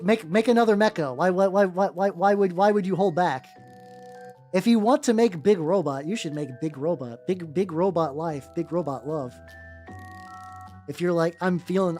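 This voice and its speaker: A man with an unusually high voice chats with his stream audience while he paints. His speech wanders, full of fillers, false starts and casual swearing. The intonation jumps around a lot, with soft music playing underneath. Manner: rambling, lots of fillers and restarts, casual swearing; chats with viewers while working. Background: faint background music.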